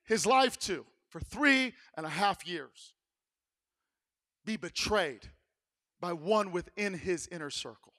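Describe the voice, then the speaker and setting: A male pastor preaching a sermon in a church, telling the story dramatically and swinging between hushed lines and shouted ones. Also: high voice, animated, takes it slowly, pauses often.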